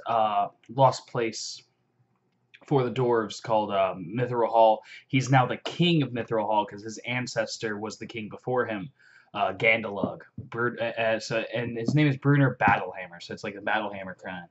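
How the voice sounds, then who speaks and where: Rambling young man, lo-fi audio. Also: medium pitch. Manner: excited, rambling, heavy swearing and fillers. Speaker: vlogger. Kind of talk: casual book recap. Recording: dull lo-fi audio.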